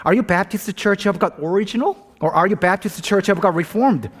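A man playing an eager male pastor who keeps questioning a stranger with rising excitement in a spoken joke. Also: sits high, a little fast, voice pushed up.

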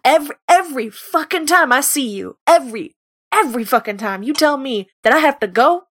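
A woman voicing a furious, volatile four-armed alien captain who swears constantly but keeps the volume down. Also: natural voice. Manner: profane, shouting-style outbursts held at low volume.

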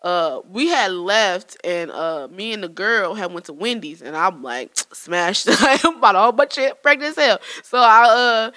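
A woman's voice: mid-range voice, lively intonation, moderate pace, few pauses, pushed and bright. A woman telling a story in casual chat, laughing often and acting out quotes.

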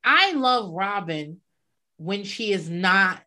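A woman's voice: mid-range voice, animated, slow pace, bright, forceful tone. A woman co-hosting a casual chat, blunt and profane, laughing often.

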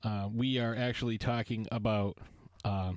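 A podcast host with a lowish, smooth voice keeps a steady tone and moderate pace. He chats casually, playfully riffing and drifting into jokey tangents, with no echo on the recording.

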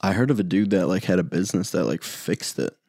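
A man's voice: sits low, lively intonation, fairly quick, gravelly, warm tone, dry recording, studio quality. A man in casual chat who laughs along and answers with short agreeing replies.

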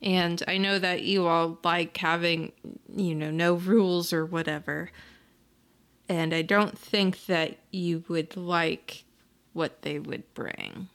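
A woman plays a tabletop role-playing game, speaking in character with earnest exasperation. Her voice is fairly low and her pace is slow and measured. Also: steady tone, fairly bright tone. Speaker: player. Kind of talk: tabletop role-play, casual chat.

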